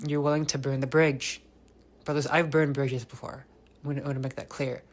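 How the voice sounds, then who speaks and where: A man alone on his motivational podcast talks fairly quickly in a medium-pitched, flat delivery. His intensity shows in repeated key lines and swearing, with occasional dips nearly to a whisper.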